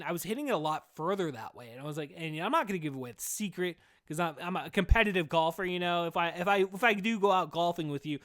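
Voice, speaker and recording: A man hosting a solo podcast, talking in a loose, rambling monologue. He swears constantly and keeps calling the listener "dude." His voice sits a little high for a man. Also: fast talker, fairly bright tone. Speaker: podcast host.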